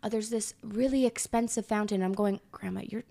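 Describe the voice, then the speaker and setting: A woman's voice: medium pitch, brisk. Chatty young woman telling family stories. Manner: chatty storytelling, animated retellings. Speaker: podcast co-host. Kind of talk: casual chat.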